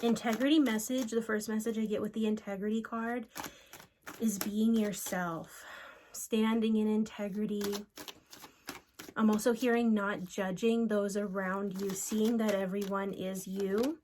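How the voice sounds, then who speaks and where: A woman reads cards for her viewers in an earnest, unhurried way. She pauses to call out to unseen spirits before she goes back to the cards. Her voice sits at an ordinary middle pitch. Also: fairly even intonation, darkish tone, a little hiss or hum. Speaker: spiritual card reader. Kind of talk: solo channeled card reading.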